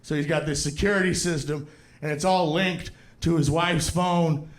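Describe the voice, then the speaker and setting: A man's voice: fairly high pitch, steady tone, normal speed, roomy sound. A man performing stand-up comedy, telling stories in a conversational style with punchy asides, on a handheld stage mic. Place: comedy venue with a live audience.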